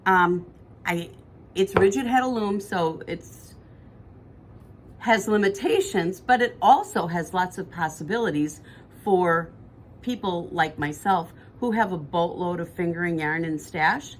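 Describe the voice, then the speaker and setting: Chatty lower-voiced woman. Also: a little slow, a little hiss or hum. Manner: chatty, rambling, self-correcting. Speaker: podcast co-host. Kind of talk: casual chat.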